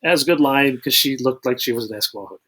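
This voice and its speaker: A man co-hosting a comedy movie review podcast, recapping the plot in a dry, unhurried way with halting restarts. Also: medium pitch, a bit bright. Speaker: podcast co-host.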